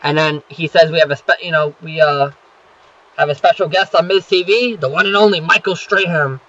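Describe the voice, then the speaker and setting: Rambling young man, bright lo-fi voice. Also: on the high side, fairly even intonation, a little fast. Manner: rambling, many fillers and profanity. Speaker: wrestling show recapper. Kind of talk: casual spoken recap. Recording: dull lo-fi home recording.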